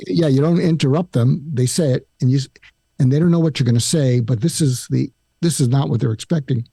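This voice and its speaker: Gravelly-voiced older man giving calm advice. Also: mid-range voice, fairly quick, dry recording, studio quality. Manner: calm, explains step by step, acts out example lines. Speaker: psychiatrist guest. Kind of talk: advice in a podcast interview.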